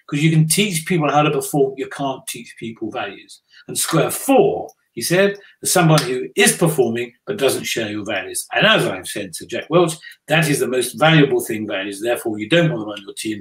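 An older man from the United Kingdom recounts business lessons in an unhurried interview. He tells his stories with dry, self-deprecating humor and often restarts his sentences mid-thought. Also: medium pitch, low-quality recording. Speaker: business leader guest. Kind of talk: conversational interview storytelling.

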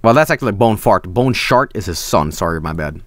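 A man chatting on a livestream, rambling along with a lot of swearing and the odd goofy voice. His pitch swings all over the place, and the sound is close and dry with no room around it. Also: lively intonation, brisk, dry recording. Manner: rambling, swears freely, breaks into silly voices. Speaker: streamer. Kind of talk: casual stream chat reading fan art.

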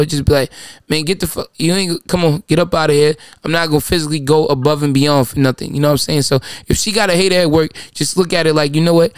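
A man's voice: on the high side, clear, resonant tone, no room sound. Blunt, profane New man, dry sound. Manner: blunt, profane, storytelling with quoted voices. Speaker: podcast host. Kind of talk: casual advice chat.

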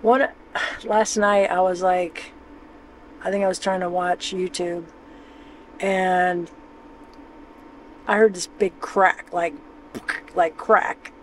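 A man's voice: high-pitched, little pitch movement, takes it slowly, pauses often, a bit bright, a little hiss or hum, low-quality recording. Chatty man rambling in his van. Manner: rambling, joking, talks to his dog. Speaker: van-life vlogger. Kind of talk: casual vlog chatter. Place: inside a camper van.

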